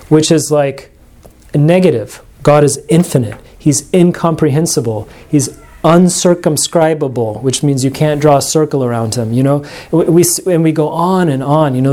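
A man's voice: a little high, mellow. A man giving a classroom lecture to a small group, thinking aloud with frequent restarts and asides. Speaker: religion class teacher.

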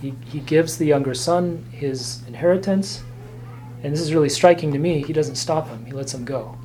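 A man giving an earnest, informal teaching talk as an Orthodox Christian, speaking in short, gentle phrases. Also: fairly high pitch, moderate pace, a little hiss or hum.

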